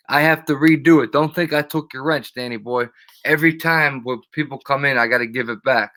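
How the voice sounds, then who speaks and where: A man running a live stream delivers a loose, profane, rambling rant that drifts from point to point. His middle-pitched voice is steady, a little fast, and a bit bright, and he keeps breaking off to greet people in his chat by name.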